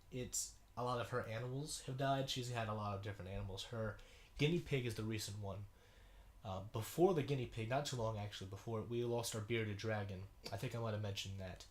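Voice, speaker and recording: Young male vlogger, stuffy runny nose, loose halting delivery with many fillers. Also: on the low side. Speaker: video blogger. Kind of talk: casual commentary reading a sibling's schoolwork.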